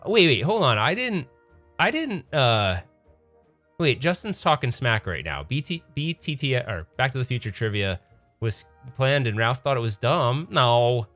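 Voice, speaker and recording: A man with a middle-pitched voice hosts a pinball livestream in a casual, rambling way. He keeps restarting his sentences and talking straight to his chat, with faint music behind him. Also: very animated, measured pace, a bit bright. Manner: rambling, self-correcting, chatty with chat. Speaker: pinball streamer host.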